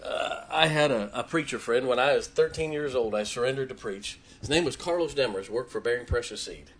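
A man preaching, telling a personal story with emotion and dropping his voice low in tender moments. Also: expressive, fairly quick, a bit bright. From Ohio. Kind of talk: sermon storytelling.

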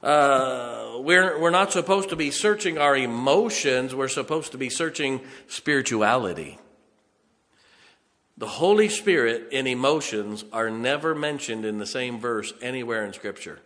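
A man's voice: medium pitch, lively intonation, a little slow, fairly bright tone, big-room sound. A man preaching a sermon in a folksy way, often chuckling and checking on his congregation.

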